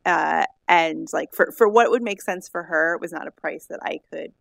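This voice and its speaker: A woman co-hosting a chat podcast with a lowish, gravelly voice full of vocal fry. She talks in a rambling, halting way, circling back on herself with fillers. The sound is dry and close, with no room around it. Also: no echo. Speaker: podcast co-host. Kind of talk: casual chat.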